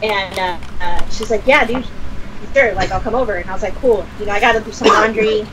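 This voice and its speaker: A woman's voice: mid-range voice, brisk, heavy background noise. A young adult woman telling a story in casual chat, acting out quotes with swearing. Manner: animated, swearing, acts out quotes. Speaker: podcast co-host.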